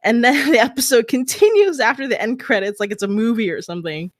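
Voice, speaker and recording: A woman guest on a podcast telling a story in lively casual chat, laughing as she goes. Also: a little high, fast talker, dry recording, studio quality.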